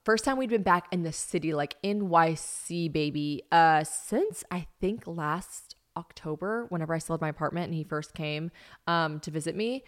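A woman's voice: low voice, moderate pace. A young woman from South Carolina, chatting casually and animatedly as host of her solo podcast, swearing freely.

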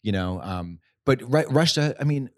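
A man co-hosting a podcast, talking in a loose, rambling way full of restarts, fillers and swearing. His voice sits at an ordinary pitch and sounds dry and close, with no room around it. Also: lively intonation, normal speed, no room sound. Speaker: podcast co-host. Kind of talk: casual chat.

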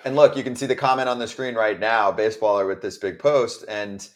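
A man hosting a live baseball show, relaxed and steering between segments. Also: lowish voice, fairly quick. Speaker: show host.

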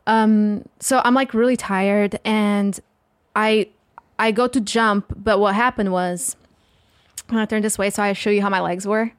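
A woman's voice: medium pitch, steady tone, unhurried, dry recording. A woman from Portugal, a guest in a casual chat, who stutters at times.

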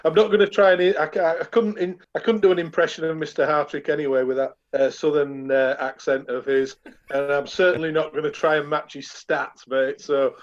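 A man's voice: fairly high pitch, little pitch movement, brisk, highs cut off. A retired man, chatting about football on a remote line and calling the host "mate". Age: older. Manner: chatty, says "mate" a lot, hesitant restarts. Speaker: podcast co-host. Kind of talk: casual football chat.

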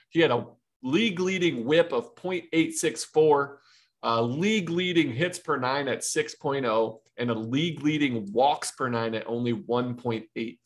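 A man's voice: medium pitch, fairly bright tone. A man co-hosting a podcast, a former player talking casually and laughing easily. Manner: laid-back, chatty, laughs easily. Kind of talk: casual sports chat.

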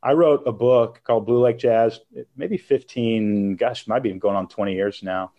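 A middle-aged man, an author and interview guest, telling a personal story in an animated way and laughing as he goes. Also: lowish voice, unhurried, dull audio.

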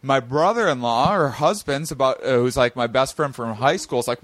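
A man telling a long story in casual chat as a podcast guest, animated and jumping up high when he quotes people. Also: normal speed, a little hiss or hum. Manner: animated, swings to high excited tones when quoting.

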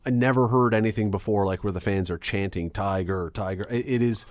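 A man's voice: fairly low pitch, fairly quick, no room sound, clean studio sound. A man hosting a radio sports talk show, chatting casually with many restarts and easy laughs.

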